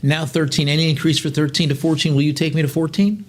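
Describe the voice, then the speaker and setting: A man's voice: fairly high pitch, steady tone, fast, few pauses. Chatty man calling a live auction. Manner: chatty, digressive, many fillers between bid calls.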